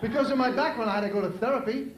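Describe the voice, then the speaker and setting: A stand-up comic with a New York accent, speaking in a high, punchy voice and dropping in loud shouted character bits. He performs on a club stage, and his voice echoes around the room. Crowd noise stays present behind him. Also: racing. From New York City. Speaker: stand-up comedian. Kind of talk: stand-up comedy routine. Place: comedy club stage with a laughing audience.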